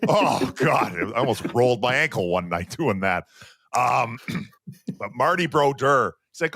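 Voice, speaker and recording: Animated man telling hockey stories. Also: mid-range voice, moderate pace, no echo, clean studio sound. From Western Canada. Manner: animated storyteller, acts out quotes. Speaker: podcast co-host, former hockey player. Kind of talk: casual storytelling.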